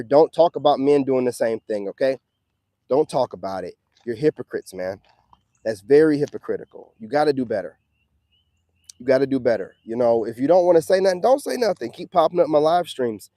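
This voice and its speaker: A man's voice: mid-range voice, dark tone, no echo. A man delivering a blunt, confrontational, preachy rant to his viewers, full of slang and "you know what I'm saying.". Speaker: self-styled spiritual coach. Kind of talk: ranting monologue to viewers.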